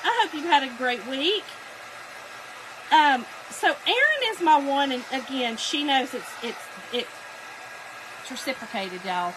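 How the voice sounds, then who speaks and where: A woman's voice: high-pitched, animated, a little slow, background noise. A middle-aged woman, chatting casually on a craft live stream, telling stories, laughing often and greeting viewers by name.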